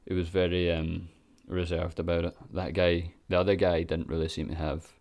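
A man's voice: deep voice, level tone, normal speed, darkish tone. A Scottish man giving laid-back, sweary reaction commentary with lots of ums and chuckles. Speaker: vlogger.

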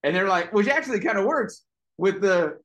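A man's voice: high-pitched, animated, normal speed, a bit bright, lo-fi sound. A man hosting and performing a stand-up comedy bit, chatty and checking in with the audience. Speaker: host.

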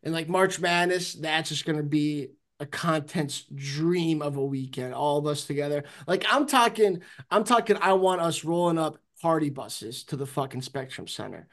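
A man hosting a casual sports podcast, excitable and cursing freely. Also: a little high, moderate pace, hardly any pauses. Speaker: podcast host. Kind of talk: casual chat.

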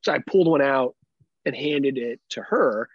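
Husky man telling animated stories. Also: medium pitch, normal speed, dry recording, highs cut off. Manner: animated storyteller, swears a lot, laughs often. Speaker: podcast co-host. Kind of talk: casual chat.

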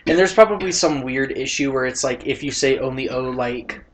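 A man's voice: mid-range voice, moderate pace, slight background noise. A man co-hosting a casual podcast chat, rambling and repeating words as he tells stories and acts out the people in them. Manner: acts out quoted people in anecdotes. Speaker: podcast co-host.

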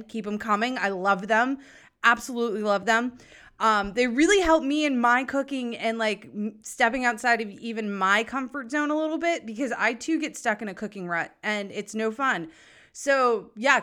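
A woman's voice: mid-range voice, sharp tone, clear, resonant tone. A woman podcast host with a New England accent, chatting casually and cheerfully, swearing now and then, her voice stuffy and nasal from allergies. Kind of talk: casual chat.

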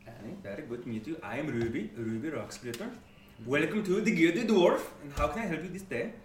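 A man voicing a big, excitable male dwarf gem merchant in a put-on northern Scottish accent mixed with a Swedish chef lilt, gushing and overly polite. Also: a little high, brisk, echoey room, distant mic, pitched above the performer's own voice, close to an everyday voice. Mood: welcoming. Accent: put-on northern Scottish blended with Swedish chef. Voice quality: singsong, bright and very excited.

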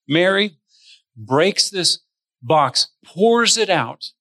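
A man preaching as a pastor has a slightly high, pushed, bright voice on a dry recording. He addresses his listeners directly and draws out his stressed words.

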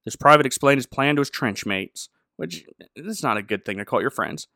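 A man hosting a comedy show, chatting and telling jokes in a playful, animated way. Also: mid-range voice, fairly quick, vocal fry, no echo, clean studio sound. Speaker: podcast host. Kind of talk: comedic chat and joke telling.

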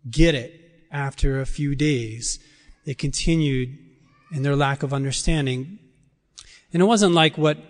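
A priest reading scripture and preaching a sermon in a measured, emphatic way with deliberate pauses. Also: male voice, on the high side. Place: church. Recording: church hall reverb.

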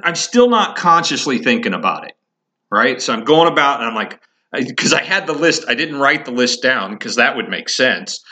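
A middle-aged podcast host from Indiana tells an everyday story in a loose, rambling way, restarting his sentences and chuckling now and then. His voice is bright and forceful, set at an average pitch for a man. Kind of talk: casual storytelling monologue.

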